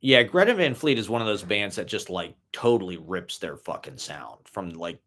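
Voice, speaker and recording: A man's voice: sits low, animated, moderate pace, fairly bright tone. A young man musing in a loose, casual monologue, swearing freely and padding his talk with "like" and "you know". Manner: loose, profane, full of "like" and "you know" fillers. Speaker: vlogger.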